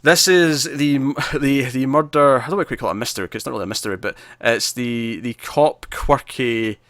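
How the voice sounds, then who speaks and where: A man's voice: medium pitch, a little fast, fairly bright tone, dry recording. Guy co-hosting a film chat, rambly with lots of ums, dry close sound. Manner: rambling, many fillers and restarts. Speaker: co-host of a movie discussion show. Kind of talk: casual chat.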